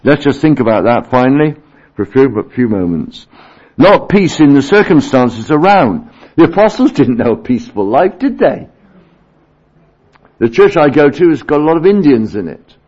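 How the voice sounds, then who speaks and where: Husky low-voiced preacher, lo-fi. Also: male voice, sing-song, moderate pace. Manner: earnest, rises to emphatic peaks then drops low and quiet. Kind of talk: sermon. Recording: dull lo-fi sermon recording.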